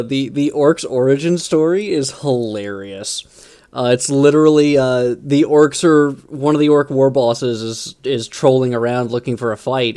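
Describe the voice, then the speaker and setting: Enthusiastic, rambling game master. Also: male voice, mid-range voice, warm tone. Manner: enthusiastic, rambling, lots of fillers and restarts. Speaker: game master and stream host. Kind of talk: casual chat at a tabletop game stream.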